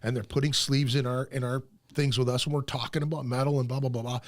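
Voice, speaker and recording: A man's voice: medium pitch, quick pace, no echo. A man hosting a podcast, telling a rowdy story in casual chat, swearing freely and acting out the voices of the people in it. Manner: profane, animated storyteller acting out quoted voices. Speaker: podcast host.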